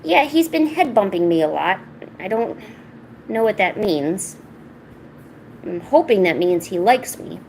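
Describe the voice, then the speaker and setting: A woman streaming a painting session from home, chatting casually and rambling with lots of restarts, often cooing softly to her cat. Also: mid-range voice, animated, measured pace, gravelly, pauses often, slight background noise, poor audio. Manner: rambling, self-interrupting, soft baby talk to her cat. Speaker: art streamer. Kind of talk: casual chat while painting. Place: home, indoors.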